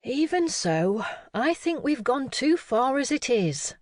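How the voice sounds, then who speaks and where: A woman voicing a sensible, cautious middle-aged amateur sleuth with a measured way of talking. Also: high-pitched, big pitch swings, no echo, studio quality, pitched above the performer's own voice, full character voice.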